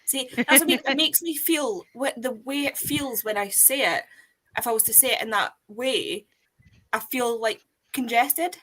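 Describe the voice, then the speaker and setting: A woman chatting casually on a stream, animated and quick to giggle. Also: fairly high pitch, rough recording. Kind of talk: casual chat.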